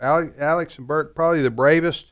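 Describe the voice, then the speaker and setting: A man's voice: a little high, fairly even intonation, fast. A man hosting a live talk radio program in the studio, chatty and joking, with frequent fillers. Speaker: radio talk show host.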